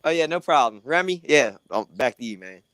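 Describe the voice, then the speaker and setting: A man's voice: medium pitch, sing-song, a little fast, fairly bright tone, no echo. A man co-hosting an interview, enthusiastic and casual, agreeing often. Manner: enthusiastic, keeps repeating "that's right". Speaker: co-host interviewer.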